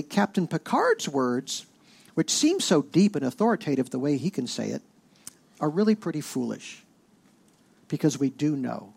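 A male pastor delivers a sermon in a fairly high voice with a gravelly edge. He presses his points emphatically and lifts his voice when reading scripture. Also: darkish tone.

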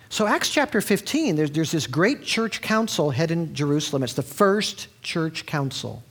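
A man preaching a sermon in a conversational, storytelling way, with frequent restarts. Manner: animated, sweeping pitch.

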